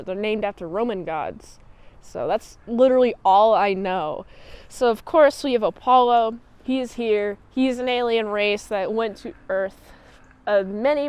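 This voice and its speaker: A woman reviewer talks through an episode recap in a high, light voice. She rambles and jokes as she goes. Her energy is animated and playful. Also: smooth. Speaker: show reviewer.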